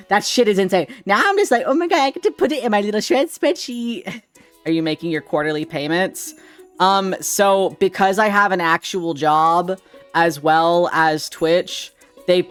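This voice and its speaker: A man's voice: fairly high pitch, a bit bright. A man streaming live, chatting casually with viewers in a rambling way, laughing often and swearing freely.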